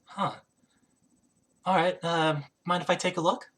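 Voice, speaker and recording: A kind young queen, voiced softly by a man running a tabletop game. She speaks quietly and gently, polite and unhurried. The tone stays bright. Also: sits high, steady tone. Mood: gentle. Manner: soft-spoken, gentle. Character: kind, calm queen in her mid-thirties.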